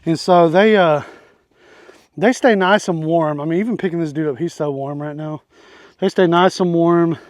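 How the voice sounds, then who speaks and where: A man's voice: fairly high pitch, normal speed, no room sound, studio quality. A young man making a casual farm vlog outdoors, joking as he talks to his chickens. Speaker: homesteader vlogger.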